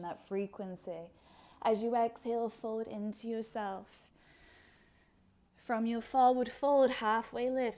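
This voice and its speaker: A woman's voice: mid-range voice, a little mellow. A woman teaching a guided yoga class, coaching movement and breath in a soothing way, with audible sighs as she breathes out.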